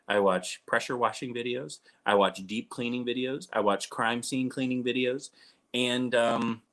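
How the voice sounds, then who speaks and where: A man's voice: mid-range voice, fairly even intonation, unhurried, a bit bright. A man in his thirties chatting casually to camera, rambling and poking fun at himself with frequent restarts. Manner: rambling, self-mocking, restarts often. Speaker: vlogger.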